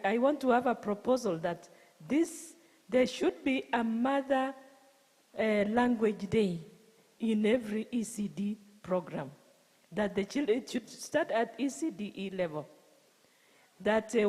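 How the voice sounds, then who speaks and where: A Kenyan woman with a Kalenjin accent moderating a conference question session, halting with frequent restarts. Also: medium pitch, a little mellow. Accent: Kenyan English, Kalenjin. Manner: halting, many restarts and fillers. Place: university conference hall. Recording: long reverb of a conference hall.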